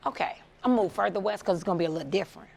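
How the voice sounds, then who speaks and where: A woman's voice: mid-range voice, rapid-fire, creaky. A middle-aged woman from the Chicago suburbs, giving a motivational talk as a story and acting out the voices of the people in it. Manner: animated, acts out quoted voices, laughs often. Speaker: motivational speaker.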